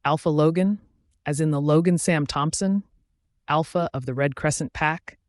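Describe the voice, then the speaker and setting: A man's voice: fairly high pitch, moderate pace, no room sound, studio quality, natural voice. A man reading as an eager young woman. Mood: excited.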